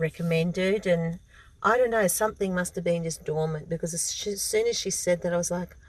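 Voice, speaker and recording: A woman with an Australian accent, chatting as a guest comedian in a casual interview, self-deprecating and quick to laugh. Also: fairly low pitch, rough recording.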